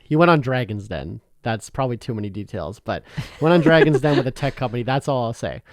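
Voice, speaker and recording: Young man from Canada, podcast co-host, loose rambling chat, medium pitch, dry close mic. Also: lively intonation, fast talker, no room sound. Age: young adult. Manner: rambling, laughs often, swears casually. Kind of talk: casual chat.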